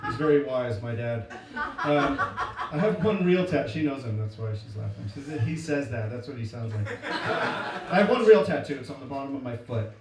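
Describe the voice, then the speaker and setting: A man's voice: medium pitch, lively intonation, normal speed, crowd noise. A man doing a playful, self-deprecating stand-up comedy set on stage, laughing often. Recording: echoey live room from a distance, loud noise.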